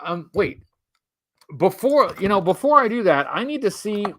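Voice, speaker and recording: High-voiced rambling live-stream host man. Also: very animated, moderate pace, a bit bright, slight background noise. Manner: rambling, wry and chatty, drifting off topic. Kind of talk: casual live-stream chat.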